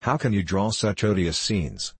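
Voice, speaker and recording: A man with a husky voice reading a proud, impatient elder sister in a weary, reproachful manner. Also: low voice, animated, moderate pace, no room sound, full character voice.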